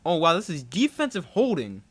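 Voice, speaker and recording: Young male play-by-play caller, high lively voice that jumps on big plays. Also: normal speed, husky. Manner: excitable, rising sharply on big plays. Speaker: play-by-play streamer. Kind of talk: live play-by-play commentary.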